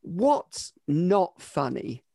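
A male podcast host with a high voice that leaps around lively as he asks brisk, short questions. The sound is dry and close, with no room around it. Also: gravelly, breathy edge, no echo. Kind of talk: quick-fire interview questions.

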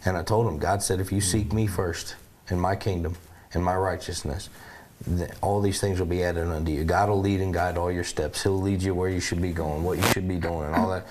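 Deep-voiced man telling animated stories. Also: fairly quick, a little hiss or hum. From United States. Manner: animated, rambling, full of "you know what I mean". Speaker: podcast co-host. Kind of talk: casual storytelling chat.

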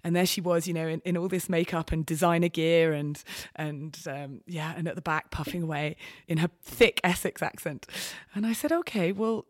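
A woman's voice: fairly low pitch, normal speed, no room sound, studio quality. A woman expedition medic candidly tells a personal story as a podcast guest, hesitant and full of restarts. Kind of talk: candid anecdote in conversation.

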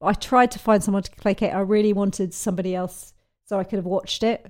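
A woman's voice: medium pitch, steady tone, a little fast. Chatty woman comedy writer on a podcast. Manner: chatty, trailing restarts and fillers. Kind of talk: casual podcast chat.

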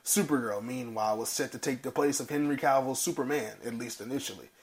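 A man of ordinary pitch co-hosts a casual film podcast. He talks in a relaxed, swearing, chatty way and reads articles aloud with offhand asides. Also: fast talker. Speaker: podcast co-host. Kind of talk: casual movie-news podcast chat.

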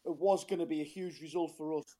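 A man's voice: a little high, steady tone, quick pace, warm tone. A man calling in as a football fan, talking in a passionate, frustrated, rambling way with a strained voice. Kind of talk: casual phone-in chat.

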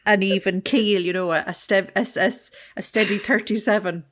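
A woman's voice: mid-range voice, fairly even intonation, moderate pace, fairly bright tone. A woman co-hosting a casual chat, joking and hesitant, with many fillers.

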